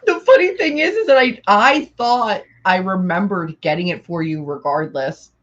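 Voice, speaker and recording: A woman hosting a casual live-stream chat, her pitch leaping around as she acts out quotes with big energy. Her voice sounds a little worn from long streaming. The sound is dull and lo-fi. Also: normal speed. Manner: animated storyteller, acts out quotes loudly. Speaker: host.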